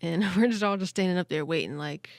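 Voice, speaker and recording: A woman hosting a podcast, telling a story in casual chat, excitable and quick to laugh. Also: on the low side, dry recording, studio quality. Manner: excitable, laughs often, many "like" fillers. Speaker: podcast host.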